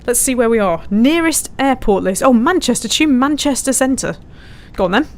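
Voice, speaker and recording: A woman with a fairly high, expressive voice talks at a normal speed while flying a simulator on a live stream. She chats casually, giggles often, and reads viewers' messages aloud.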